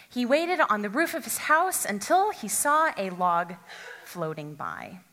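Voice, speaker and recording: A woman's voice: mid-range voice, sharp tone. A woman preaching a sermon in an earnest, reflective storytelling manner. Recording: long hall reverb.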